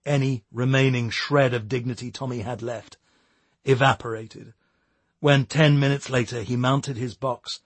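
Gravelly, husky male narrator. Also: mid-range voice, dry recording. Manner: measured storytelling. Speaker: audiobook narrator. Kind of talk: scripted narration.

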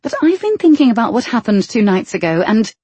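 An impulsive young lady speaks with animated, dramatic flair in an audiobook romance, as a woman narrator puts her on. Her voice sits higher and lively, with a slightly husky edge. The recording is close and dry. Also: a little fast, dry recording. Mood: earnest.

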